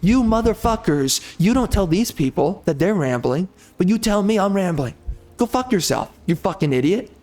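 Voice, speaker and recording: A gaming streamer ranting furiously, swearing constantly and circling back to the same complaints. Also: male voice, high-pitched, expressive, normal speed, darkish tone. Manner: mocks others in a put-on sugary tone. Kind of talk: angry profane rant.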